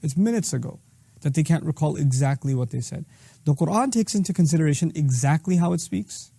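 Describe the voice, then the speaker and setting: Man, middle-aged, Islamic lecture, emphatic, very dark tone, slightly high pitch. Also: brisk, vocal fry, breathy edge, no room sound, clean studio sound. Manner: explanatory, emphatic, mixes recited Arabic with English. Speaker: Islamic speaker. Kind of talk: lecture on Quranic verses.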